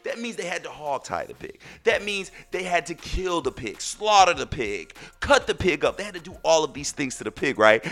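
A man hosting a podcast, telling a story in an animated, exclaiming way. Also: a little high, brisk, hardly any pauses. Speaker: podcast host. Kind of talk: casual storytelling.

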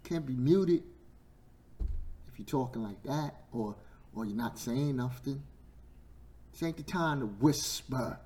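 Hoarse preacher man, slow and rising. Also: mid-range voice. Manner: builds to shouting, stretches words, sore throat. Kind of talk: sermon.

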